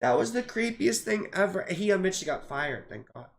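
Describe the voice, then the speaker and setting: A woman's voice: fairly low pitch, very animated, a little fast, a little hiss or hum. An American woman in her forties, a goofy, rambling astrologer chatting casually on a livestream, swearing freely and sounding tired and a bit out of it. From United States. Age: 40s. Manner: tired, yawning, out of it. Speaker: astrologer doing live chart readings.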